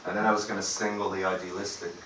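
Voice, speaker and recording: A man's voice: low voice, little pitch movement, rapid-fire, noisy background. Rambling, swearing man on stage, far off. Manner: rambling, hesitant, swears freely. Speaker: singer-songwriter performing live. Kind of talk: stage banter between songs. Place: live music venue. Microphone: far-off audience camera. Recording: echoey gig hall from far off.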